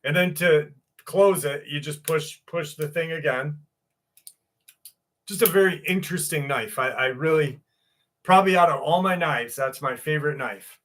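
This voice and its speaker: A man's voice: fairly high pitch, normal speed, a bit bright. A man hosting a casual livestream, chatting loosely with viewers and cursing freely. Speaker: livestream host.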